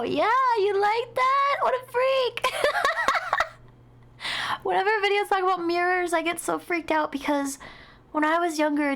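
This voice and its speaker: A woman streamer chatting casually with her viewers as she reacts to spooky videos, jumpy and excitable, gushing over her chat and swearing when something startles her. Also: sits high.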